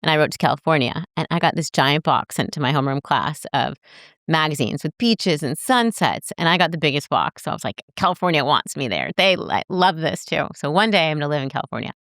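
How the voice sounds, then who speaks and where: A woman's voice: low-pitched, animated, fast talker, a bit bright, no room sound, clean studio sound. A woman in her forties, a journalist guest on a podcast, chatting casually and telling stories from her past. She acts out her old thoughts as little quotes. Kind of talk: casual interview chat.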